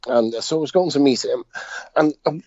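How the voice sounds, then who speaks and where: A man's voice: a little high, moderate pace, a little mellow, no room sound, muffled recording. A man with a Liverpool Scouse accent telling anecdotes in casual chat, blunt and chuckling as he talks. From Liverpool, England. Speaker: podcast co-host.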